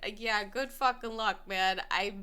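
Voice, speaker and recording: Bright-voiced, rambling young woman streamer. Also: mid-range voice, a little slow, clear, resonant tone. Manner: swearing, laughing, rambling with many fillers. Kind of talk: casual game commentary. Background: faint music playlist.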